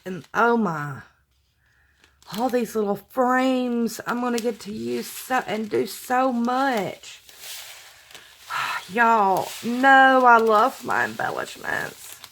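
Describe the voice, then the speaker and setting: A middle-aged woman with a drawl talks slowly and effusively, as if chatting with friends. She sighs and gushes with warm emotion while opening packages, and paper crinkles in the background. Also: a little high, a little hiss or hum. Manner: gushing, effusive, sighing with emotion. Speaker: crafting vlogger opening fan mail. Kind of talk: casual unboxing chat to viewers.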